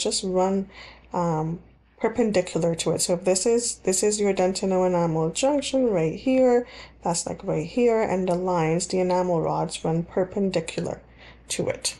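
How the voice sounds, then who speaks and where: A woman's voice: lowish voice, moderate pace, mellow. A woman teaching dental hygiene in a recorded slide lecture, explaining in plain terms and repeating key points, with frequent ums and restarts.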